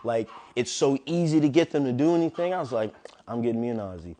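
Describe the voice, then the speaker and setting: A man who trains dogs, talking casually in an interview and telling animated stories in which he acts out what other people said. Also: mid-range voice, fast talker, slight background noise. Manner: animated storyteller, acts out quoted voices. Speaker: dog trainer, guest.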